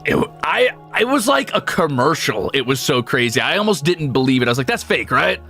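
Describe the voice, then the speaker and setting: Gravelly, bright-voiced man rambling. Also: on the high side, sing-song, brisk, soft background music. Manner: rambling, profane storyteller. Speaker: streamer. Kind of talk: casual chat.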